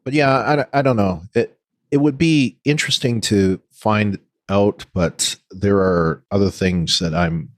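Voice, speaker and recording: A man hosting a casual podcast chat, talking hesitantly with many "you know"s and pauses. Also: lowish voice, dry recording, studio quality. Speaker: podcast host.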